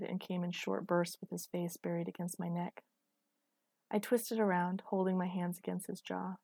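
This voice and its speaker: A woman narrating first-person fiction in a measured, even storytelling manner. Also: on the low side, breathy edge, no room sound. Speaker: audiobook narrator.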